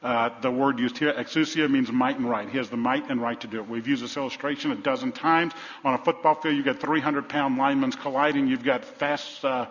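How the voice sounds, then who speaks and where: A man preaching a sermon as pastor, repeating phrases for emphasis and dropping from loud to hushed. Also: medium pitch, fairly even intonation, fairly quick, hardly any pauses. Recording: reverberant hall, dull sound.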